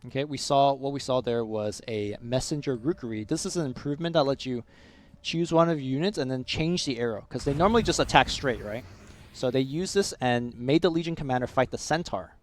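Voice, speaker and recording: A man's voice: medium pitch, a little fast. A man doing esports color commentary on a headset, explaining the game's mechanics step by step. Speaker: esports co-caster.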